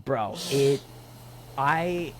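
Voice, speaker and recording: A man co-hosting a podcast, recapping a reality show in casual chat, animated and exasperated, swearing now and then. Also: mid-range voice, extremely slow, background noise. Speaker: podcast co-host.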